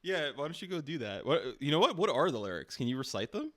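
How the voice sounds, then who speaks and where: A man's voice: on the high side, sing-song, fairly bright tone, dry recording. A man streaming a casual chat with an AI character, teasing and playful. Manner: teasing, playful, quick to laugh.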